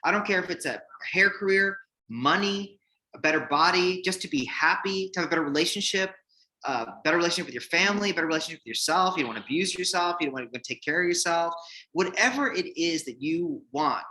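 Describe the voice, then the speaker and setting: A man in his forties telling his hairdressing career story in a casual, animated way, acting out the people he quotes, with lots of fillers. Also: fairly high pitch, fast, poor audio.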